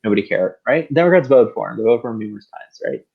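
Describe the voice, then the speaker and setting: Guy ranting on a podcast, sarcastic and fired up, kinda husky, dull lo-fi sound. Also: mid-range voice, expressive, rapid-fire. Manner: heated, sarcastic, repetitive. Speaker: podcast co-host. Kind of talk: political rant.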